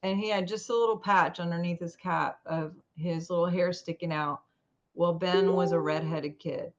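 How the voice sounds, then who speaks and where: Woman, interview guest, animated storyteller, lowish voice, dull lo-fi sound. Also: normal speed. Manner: animated, acts out quoted dialogue.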